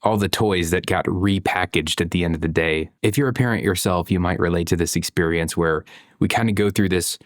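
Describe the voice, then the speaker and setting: A man's voice: low voice, no room sound, clean studio sound. A man in his thirties talking through a reflective vlog monologue, conversational, with frequent "you know" and "right?". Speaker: parent vlogger.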